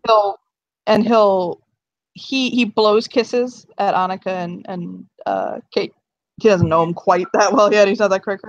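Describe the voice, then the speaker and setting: A woman's voice: medium pitch, steady tone, measured pace, creaky, dry recording. A woman at a tabletop game, rambling through what her character does in a loose, giggly way, tripping over her own restarts. She swears casually now and then. The recording sounds a bit dull and lo-fi. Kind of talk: casual role-play narration.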